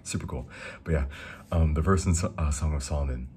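A young man giving a casual, rambling devotional talk, reading verses slowly and enthusing between them. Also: rumbling low, dark tone, a little hiss or hum. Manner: reads scripture slowly. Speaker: Christian speaker.

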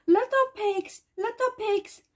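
A woman voicing a menacing, blustering big bad male wolf in a storybook reading, with a drawn-out threatening chant. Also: very high-pitched, pitched above the performer's own voice.

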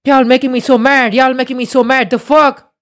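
Man, live streamer, high voice, bright tone, loud agitated ranting, English and Hindi mixed. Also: level tone, brisk. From Rajasthan, India. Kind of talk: casual live-stream chat.

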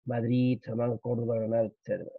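A man's voice: medium pitch, flat delivery, racing, creaky, husky, dry recording. A male English teacher giving a repetitive grammar lecture, drilling each point and slipping into Spanish to explain. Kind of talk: slide-based grammar lecture. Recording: dull lo-fi recording.

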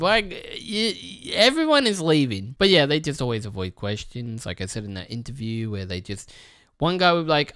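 A man's voice: a little high, expressive, normal speed, pushed and bright, clear, resonant tone, no echo, studio quality. A man hosting a gaming channel, rambling through a profane casual rant to the camera with many restarts. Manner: mocks others with put-on quoted voices.

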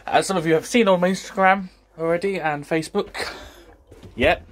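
Male YouTuber, slightly high voice, breathless and overexcited, casual rambling vlog delivery. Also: normal speed, a little hiss or hum. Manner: excited and rambling. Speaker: YouTuber and podcast host.

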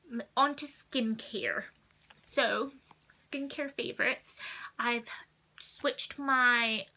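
Chatty young woman with a bright voice. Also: medium pitch. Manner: chatty and rambling, with asides and self-corrections. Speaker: beauty vlogger. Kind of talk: casual chat.

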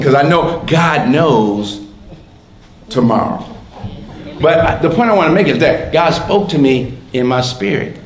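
A man preaching a sermon as pastor, swinging from shouts down to soft whispers and repeating his words. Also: fairly high pitch, animated, moderate pace. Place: church sanctuary. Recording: echoey church room, faint background noise.

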